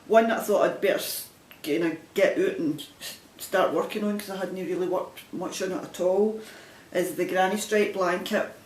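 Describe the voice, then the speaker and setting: A woman's voice: normal speed, few pauses, a little mellow. A Scottish woman chatting casually and rambling a little as she shows her crafting projects on her video podcast. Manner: chatty, self-deprecating, meandering. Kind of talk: casual show-and-tell chat. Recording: roomy echo, faint rumble.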